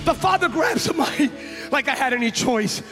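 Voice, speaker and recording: A man preaching a sermon, telling a story with acted-out dialogue and building into shouted passages. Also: very high voice, expressive, moderate pace. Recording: long hall reverb with faint music.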